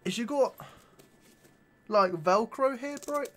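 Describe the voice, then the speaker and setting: Speaking at a measured pace in a very high-pitched voice, a young man vlogs casually about his shoe collection, full of slang and frequent swearing in animated banter. Background noise can be heard.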